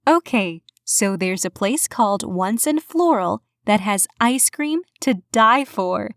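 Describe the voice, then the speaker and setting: A woman's voice: medium pitch, lively intonation, slow, no room sound, studio quality. A woman voicing a chatty, giggly young woman in her twenties in an audiobook. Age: 20s. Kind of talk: audiobook character voice.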